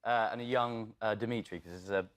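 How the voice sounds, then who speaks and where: A lower-voiced man sits as a guest on a talk show. He tells his story in an animated way and laughs often between lines. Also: a little fast. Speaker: actor guest.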